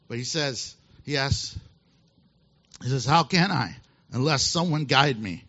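A male pastor preaching a sermon, telling a Bible story with animated asides and laughter. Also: a little high, moderate pace. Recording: dull lo-fi sound.

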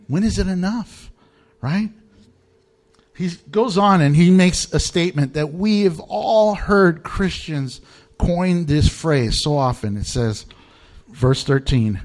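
Expressive male pastor with a fairly high voice, chuckles between points, emphatic and repetitive. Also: slow. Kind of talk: sermon.

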